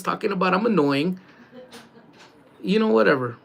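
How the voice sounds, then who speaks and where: A man hosting a casual morning livestream, talking loudly with lots of laughing and joking. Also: medium pitch, measured pace. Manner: loud, laughing, joking banter. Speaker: livestream host.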